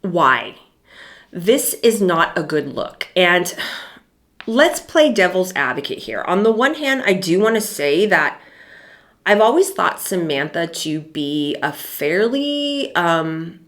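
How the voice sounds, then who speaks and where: A woman's voice: lowish voice, very animated, slow, fairly bright tone. A middle-aged woman hosting a casual commentary vlog, talking in a chatty way with dry, sarcastic asides and plenty of fillers.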